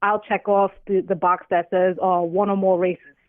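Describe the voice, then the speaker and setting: A woman's voice: mid-range voice, level tone, moderate pace. A woman guest in a casual interview, talking bluntly and acting out other people's voices. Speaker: podcast guest. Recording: tinny phone line.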